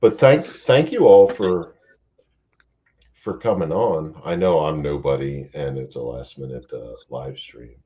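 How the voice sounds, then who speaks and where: A man with a very deep, mellow voice hosts a casual late-night livestream, speaking unhurriedly. He rambles and swears freely while chatting with guests, over dull lo-fi stream audio with faint hiss.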